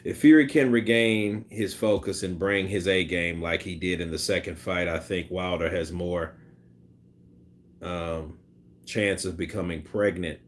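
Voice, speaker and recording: A man's voice: sits low, fairly even intonation, a little slow. A man hosting a casual boxing live stream, reading chat and talking loosely with profanity and laughter. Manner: imitates punch sounds and quotes people in put-on voices.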